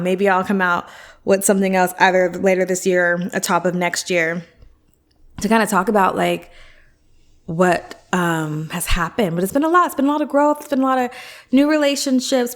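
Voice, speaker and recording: A woman therapist and coach hosting her own podcast, talking in a chatty, upbeat, rambling way with many fillers. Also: medium pitch. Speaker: self-worth therapist and coach, podcast host. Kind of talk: casual podcast monologue.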